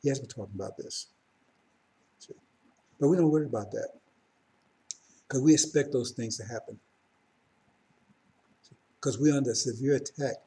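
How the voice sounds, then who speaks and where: A man's voice: medium pitch, normal speed, long pauses, dark tone. A middle-aged man giving a rambling live-streamed religious talk, correcting himself and then building to fervent emphasis. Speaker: religious teacher.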